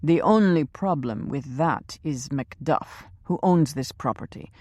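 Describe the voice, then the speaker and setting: A man's voice: on the high side, unhurried, a little mellow, no room sound, clean studio sound. A woman reading a ruthless male hired killer in an audiobook, curt and menacing.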